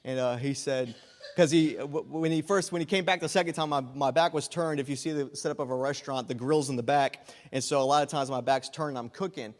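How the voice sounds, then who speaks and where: A man's voice: medium pitch, fairly quick. A young man telling an earnest personal testimony as a guest speaker in a church, restarting his phrases often. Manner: earnest, storytelling, frequent restarts. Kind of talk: sermon testimony. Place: church sanctuary. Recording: long church reverb.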